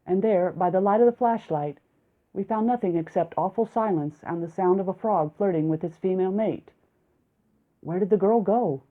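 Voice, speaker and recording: A woman narrates an audiobook in a lively storytelling manner, her voice on the low side. The recording is narrow and tinny, like a phone line. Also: a little fast. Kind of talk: audiobook reading.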